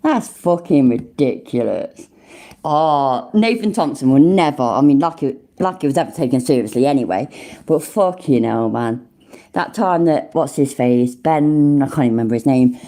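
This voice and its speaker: A woman's voice: very deep voice, expressive, normal speed, mellow. A woman in her forties hosting a livestream, a little tipsy, chatting casually, swearing freely and laughing often. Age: 40s. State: tipsy from drinking. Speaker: livestream host.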